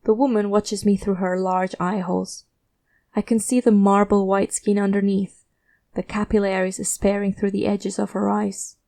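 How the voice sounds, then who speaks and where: A woman narrating a first-person fiction story in a measured, tense, steady way. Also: mid-range voice, vocal fry.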